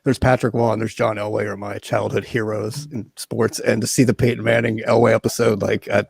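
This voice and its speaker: A man's voice: fairly low pitch, flat delivery, fairly quick, vocal fry, a little mellow, slightly rough, no room sound. A man chatting enthusiastically as a fan on an online show, peppering his speech with "like". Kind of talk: casual chat on a video call.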